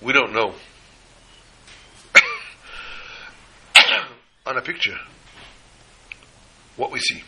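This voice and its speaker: A man preaching a sermon, telling a story with lively emphasis. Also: mid-range voice, drawn-out words, long pauses, slightly rough, rough recording. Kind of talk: sermon with a told joke.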